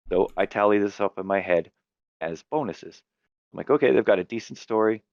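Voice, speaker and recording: A man's voice: on the low side, a little fast, darkish tone, dry recording, muffled recording. A man hosting a podcast, chatting casually as a game master who tells a long story and often stops to correct himself. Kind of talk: casual chat about tabletop games.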